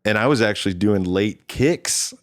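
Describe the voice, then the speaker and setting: A man in his thirties with a low voice tells road stories in a relaxed interview. He jumps into other people's voices when he quotes them. The sound is dry and close. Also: normal speed, no echo. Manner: animated, quotes himself and others in lively voices. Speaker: drummer, interview guest. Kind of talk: casual storytelling chat.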